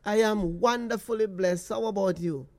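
A man hosting a talk radio call-in show, asking slow, probing questions. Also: high voice.

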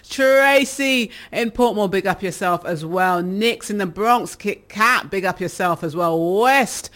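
A woman, hosting a livestream as DJ, reading chat names and giving shout-outs with frequent laughter. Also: medium pitch. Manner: laughs often, warm chatter. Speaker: livestream DJ host.

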